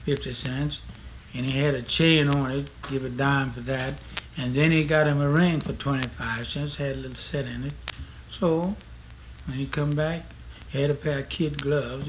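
A man's voice: on the high side, a little hiss or hum, low-quality recording. A man telling a rambling folk tale in an old archival recording, folksy and full of fillers. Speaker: storyteller.

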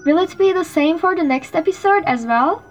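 A woman's voice: very high-pitched, lively intonation, normal speed, soft background music. A woman reading scripted podcast dialogue, nervous and apologetic, laughing at her own slips. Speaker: guest on podcast.

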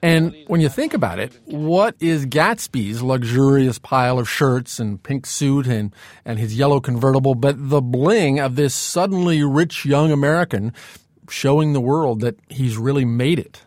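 A man's voice: mid-range voice, normal speed, a little mellow. A man hosting a radio feature, asking questions and narrating in a conversational way.

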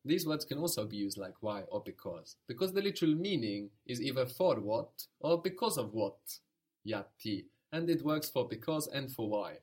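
A man's voice: mid-range voice, lively intonation, normal speed, darkish tone, slightly rough. A man teaching a language lesson, patiently prompting, repeating answers and explaining where words come from.

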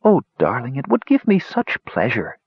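A man's voice: mid-range voice, huge pitch swings, moderate pace, slightly rough, no room sound. A man voicing a frail old witch woman who dotes tenderly and gushes, in a slightly muffled recording. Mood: doting. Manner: tender, gushing.

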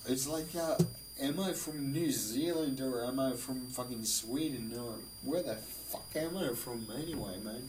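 A man's voice: medium pitch, normal speed, far from the mic, noisy background. A drunk man with a Finnish accent, rambling and swearing while livestreaming with his guitar. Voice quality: slurred, rambling, heavy swearing. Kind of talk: casual drunken stream chat. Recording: roomy, off-mic, loud guitar. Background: guitar music.

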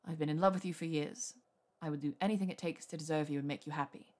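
A woman reading aloud puts on a lovestruck young wizard man with a dropped, husky-low murmur. He talks dryly and teasingly, with a hint of nerves under the charm. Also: fairly even intonation, quick pace, a little mellow, lightly acted. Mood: earnest.

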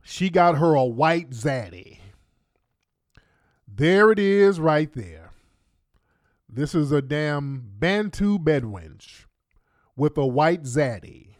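A man's voice: fairly high pitch, darkish tone, no room sound, studio quality. Heated mocking man. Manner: mocking, heated, crude slang. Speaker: podcast host. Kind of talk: commentary on played clips.

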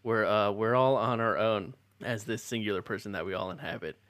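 A man leading a casual group reading of a gamebook, laughing often and pausing with fillers as he reads. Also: fairly low pitch, steady tone, a bit bright, no echo. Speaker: reader leading the group through the story.

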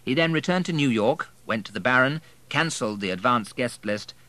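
Lower-voiced male audiobook narrator, bright tone. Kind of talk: scripted narration.

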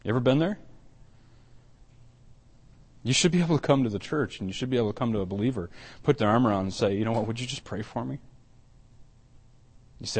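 A man's voice: medium pitch, fast talker, long pauses, breathy edge. A middle-aged man, an elder preaching a conversational sermon, often repeating and restarting, then building to emphatic points.

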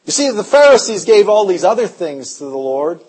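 A man preaching a revival sermon, telling stories in an animated way, his voice swinging between loud and hushed. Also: sits high, fairly quick, husky. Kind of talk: storytelling sermon.

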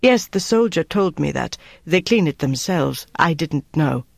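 A man voicing a tall woman cleaner who answers quietly and politely. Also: fairly high pitch, animated, unhurried, creaky, no echo, studio quality. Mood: calm.

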